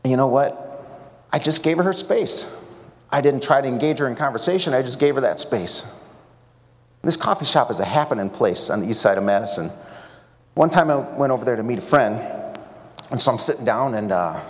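A man preaching at a seminar. He tells his stories in a relaxed, conversational way and drops in dry jokes, at a mid pitch typical for a man. His voice carries a long hall reverb. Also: a little fast, pauses often. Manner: conversational storytelling with wry asides. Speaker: pastor. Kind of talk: sermon at a seminar.

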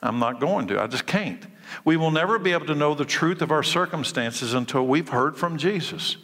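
A man preaching a sermon as pastor, emphatic, sometimes dropping to hushed tones. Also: on the high side, lively intonation, moderate pace, big-room sound.

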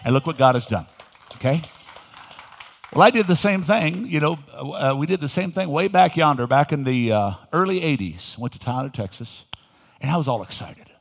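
An older man, a pastor, preaching a sermon with folksy storytelling that swings into loud emphasis. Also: on the high side, expressive, moderate pace, vocal fry. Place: church sanctuary. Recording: reverberant hall.

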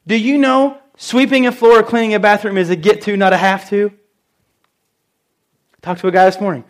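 A middle-aged man preaching a sermon in church, telling stories and stressing key phrases with slow, emphatic repeats. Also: high-pitched, steady tone. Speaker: pastor.

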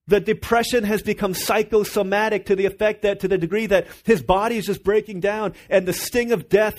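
A man preaching a sermon, earnest and emphatic, asking the congregation rhetorical questions. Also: high-pitched. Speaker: pastor.

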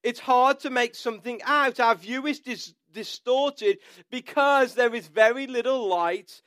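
High, smooth-voiced man preaching. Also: measured pace, a bit bright, no echo. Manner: conversational storytelling with asides. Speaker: pastor. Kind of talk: sermon.

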